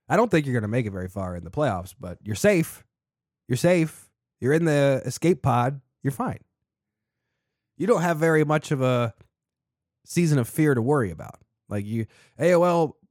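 A man's voice: fairly high pitch, darkish tone, no room sound, studio quality. A man hosting a podcast, chatting casually with laughs, swearing and dramatic complaints. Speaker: podcast host. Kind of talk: casual chat.

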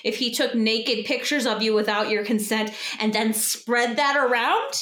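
A woman's voice: a little high, expressive, normal speed, a bit bright, echoey room. Chatty young woman, fillers galore. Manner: chatty storyteller, lots of fillers and acted quotes. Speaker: podcast co-host. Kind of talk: casual advice chat.

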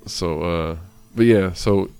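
A man's voice: low voice, takes it slowly, a little mellow, smooth. A man in casual chat who swears often and laughs a lot.

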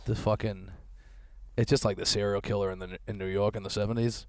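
A man's voice: fairly low pitch, level tone, brisk, gravelly, a little mellow, clear, resonant tone. A man hosting a podcast, chatting crudely and joking, laughing often. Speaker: podcast host. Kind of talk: casual chat.

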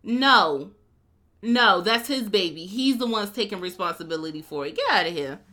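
Bright-voiced woman arguing on a podcast. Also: mid-range voice, moderate pace. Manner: animated, argumentative, laughs often. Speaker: podcast co-host. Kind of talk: casual podcast chat.

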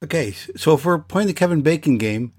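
A man hosting a podcast who asks his guest questions in a relaxed, conversational way. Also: a little high, fairly quick, husky, no room sound, studio quality. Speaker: podcast host. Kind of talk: casual interview.

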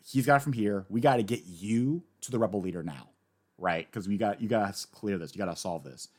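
A man co-hosting a podcast, chatting casually and jokily as he recaps an anime. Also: on the low side. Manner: animated, jokey, quick to laugh. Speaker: podcast co-host.

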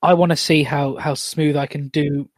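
A man hosting a podcast in casual chat, rambling and rushing through his plugs. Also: on the high side, flat delivery, no echo. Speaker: podcast host.

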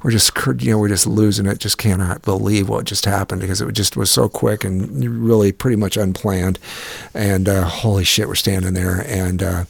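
A man's voice: fairly low pitch, level tone, moderate pace, creaky, slightly rough, dry recording. A middle-aged man telling a long story in casual chat, rambling and profane, with many restarts and fillers.

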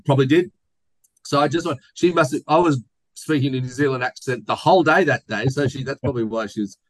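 A man's voice: mid-range voice, fast talker, no echo, low-quality recording. An Australian man co-hosting a casual sports podcast, rambling and joking as he reads listener mail. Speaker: podcast co-host. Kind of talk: casual chat.

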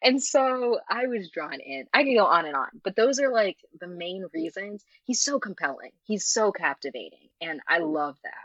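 A woman guest in a casual chat, talking in an animated way with frequent laughs and filler words. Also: fairly low pitch, moderate pace, few pauses, no room sound. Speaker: interview guest, fanfiction writer. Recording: muffled lo-fi audio.

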